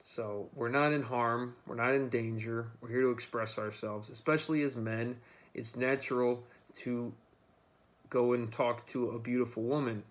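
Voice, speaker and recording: A man with a mid-range voice and fairly even intonation delivers a casual monologue to camera at a moderate pace, rambling freely and swearing as he goes.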